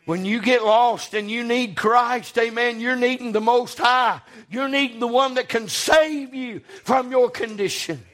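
A man preaching a sermon, impassioned, dropping low and then rising to shouts. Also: measured pace, few pauses. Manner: impassioned, swings between hushed and shouting.

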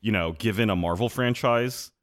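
A man with a lowish voice speaks at a moderate pace, co-hosting a podcast in casual chat. He's animated and rambling, acting out quotes as he goes.

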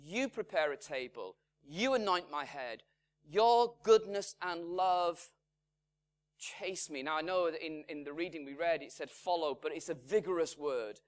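A man preaching a sermon, measured and emphatic, his voice swinging from strong lines down to hushed, quiet ones. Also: fairly high pitch. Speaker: pastor. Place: church in Salford.

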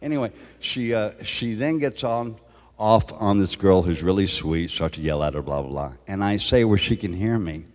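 Lively low-voiced man telling stories. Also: normal speed, big-room sound. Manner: animated, laughing storyteller. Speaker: guest actor. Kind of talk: casual storytelling.

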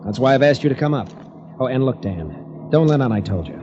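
An actor playing a worried, earnest cousin in a 1940s radio drama, speaking urgently. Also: male voice, mid-range voice, expressive, a little fast, natural voice. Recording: hissy, dull old radio recording.

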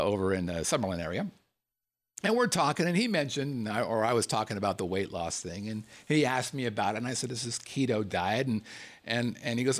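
A man telling a casual story in a monologue, joking at himself and swearing freely. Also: medium pitch.

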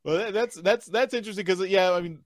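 A man's voice: sits high, no echo, clean studio sound. A man hosting a podcast in casual interview style, often restarting and repeating words. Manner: halting, repeats words, friendly asides. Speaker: podcast host.

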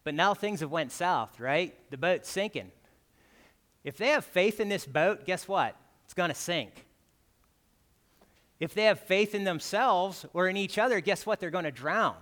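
A man's voice: sits high, animated, a little slow, a bit bright. A man giving a guest sermon in a conversational way, often tagging his points with "right?". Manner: conversational, keeps asking "right?". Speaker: guest preacher. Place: church. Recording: church hall with long reverb.

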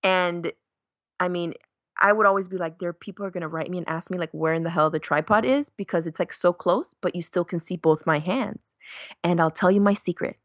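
A woman's voice: lowish voice, fairly quick, a bit bright, dry recording, clean studio sound. A woman in her thirties, a guest on a podcast, chatting casually and acting out quotes as she tells stories. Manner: chatty storyteller, acts out quotes with laughs. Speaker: podcast guest, sewing YouTuber. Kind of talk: casual interview chat.

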